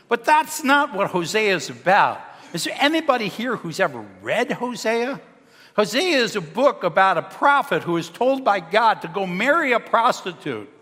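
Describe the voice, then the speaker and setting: Man preaching in a reverberant hall. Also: sits high. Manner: dynamic preaching, swinging from loud emphasis to soft, hushed lines. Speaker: pastor. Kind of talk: sermon. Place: church sanctuary. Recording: long reverb of a church hall.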